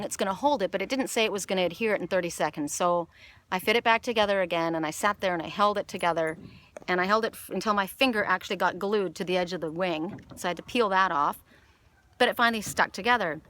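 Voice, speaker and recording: A woman from Canada giving an oracle card reading outdoors by the water, telling a story in a rambling, animated way with many restarts. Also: medium pitch, fast. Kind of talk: casual spiritual message. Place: outdoors by water with jumping fish.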